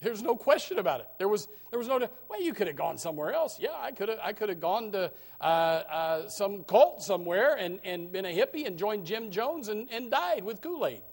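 Preacher guy going off in a sermon, high and all over the place, quiet then yelling. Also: very animated, moderate pace, few pauses. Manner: impassioned preaching, swings from low murmurs to shouts. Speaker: pastor.

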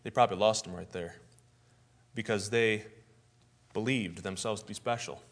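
A man's voice: lowish voice, fairly even intonation, normal speed. A man preaching a sermon in a folksy storytelling way, acting out the scenes he describes.

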